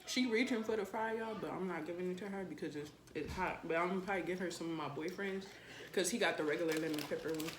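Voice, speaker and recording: A woman hosting her own casual mukbang vlog, chatting to viewers in a relaxed way with plenty of ums. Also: fairly low pitch, fast talker. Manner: relaxed, chatty, many ums, talks straight to viewers as y'all. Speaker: channel host. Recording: echoey room with faint background noise.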